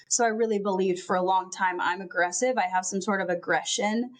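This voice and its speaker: A woman's voice: medium pitch, fairly even intonation, brisk. A woman guest on a podcast recounting a personal story, earnest and full of "um" and "like.". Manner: earnest, lots of "um" and "like".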